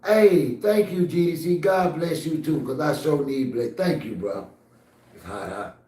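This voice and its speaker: A man's voice: fairly high pitch, unhurried, mellow, echoey room. A man hosting a casual livestream, talking straight to his chat in a blunt, scolding, streetwise way. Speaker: livestream host.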